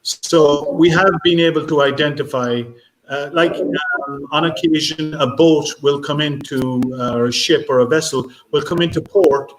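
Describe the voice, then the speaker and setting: Halting man on a video call. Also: on the high side, steady tone. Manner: halting, many fillers and restarts, tells anecdotes. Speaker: marine biologist speaker. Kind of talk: conference talk answering questions. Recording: echoey room, faint noise.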